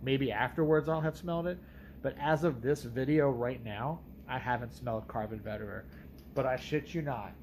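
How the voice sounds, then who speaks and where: A man's voice: medium pitch, moderate pace, a little mellow, a little hiss or hum, rough recording. Blunt, profane man reviewing perfume. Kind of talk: casual review monologue.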